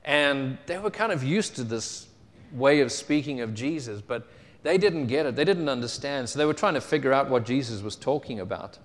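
Male preacher, conversational storytelling sermon, average pitch, reverberant hall sound. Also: lively intonation, moderate pace. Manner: storytelling, conversational, with fillers and rhetorical questions. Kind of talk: Bible reading and sermon teaching.

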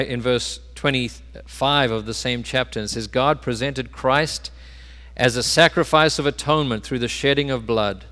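Man, pastor, sermon, mid-pitched voice, loud then hushed emphasis, long hall reverb. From South Africa. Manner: preaching with sharp shifts between loud emphasis and quiet, low asides.

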